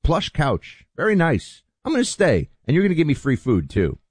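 A man's voice: fairly high pitch, huge pitch swings, moderate pace, darkish tone, husky, no echo, voice pushed up, full character voice. A man doing a brash, greedy freeloader. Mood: brazen. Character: pushy freeloading houseguest, grown man.

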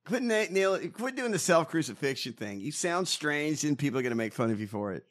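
A man's voice: a little high, very animated, fairly quick. A man co-hosting a casual political chat, ranting and mocking with lots of swearing. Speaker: podcast co-host.

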